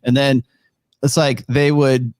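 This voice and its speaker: A man with a medium-pitched voice chats in a dry, close sound. He rambles through his stories and circles around while searching for the right word. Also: flat delivery, slow, a little mellow, clean tone, no echo. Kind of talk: casual chat.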